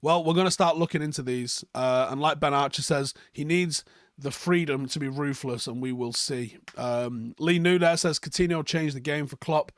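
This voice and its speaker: A man's voice: a little high, moderate pace, no echo, clean studio sound. A young man hosting a casual live stream, reading out chat comments and rambling with lots of ums and swearing. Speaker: fan channel host reading live chat.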